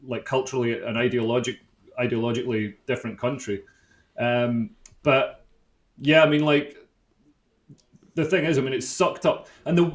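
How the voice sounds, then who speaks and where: Male co-host, casual chat, dry jokes, somewhat high-pitched. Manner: wry, joking asides. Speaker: podcast co-host.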